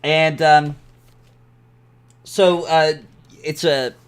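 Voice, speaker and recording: A man running a tabletop game as game master, halting and full of fillers. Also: fairly high pitch, fairly even intonation, clear, resonant tone.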